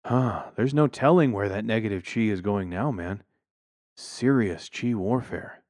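A man voicing a laid-back male neighbor keen on feng shui, earnest and mellow, who keeps saying "man". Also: on the low side, unhurried, no echo.

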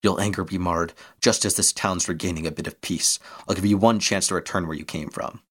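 A man's voice: deep voice, steady tone, a little fast, fairly bright tone, breathy edge. A man reading aloud and voicing a stern, weary male sheriff turned outlaw. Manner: stern, tired.

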